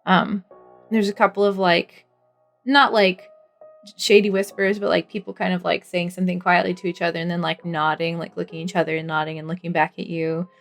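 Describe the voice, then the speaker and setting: A woman's voice: fairly low pitch, little pitch movement, brisk, creaky, faint music behind. Rambling woman game master. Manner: rambling, full of "like" and "um". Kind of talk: narrating a tabletop game.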